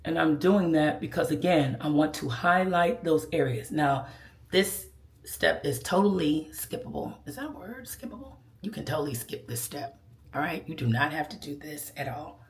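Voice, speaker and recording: A woman's voice: low voice, moderate pace. A woman giving a casual makeup tutorial, chatty and sassy, calling viewers girl and child. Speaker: beauty vlogger. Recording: echoey room.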